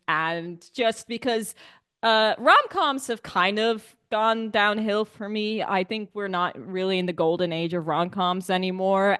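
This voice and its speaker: A woman's voice: mid-range voice, a bit bright, smooth, dry recording, studio quality. A woman co-hosting a podcast, talking about films in a giggly, enthusiastic way. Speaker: podcast co-host. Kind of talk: casual film review chat.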